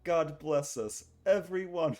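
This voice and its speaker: A man's voice: fairly high pitch, lively intonation, drawn-out words. A man putting on a boozy mock-British bloke. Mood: rowdy. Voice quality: loud, slangy, exaggerated mock British accent. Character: rowdy drunk British bloke caricature.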